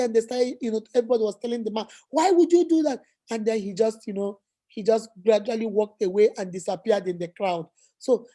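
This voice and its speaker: A woman's voice: high voice, dark tone. A woman hosting a motivational vlog, talking emphatically and repeating her points in a preachy way. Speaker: host.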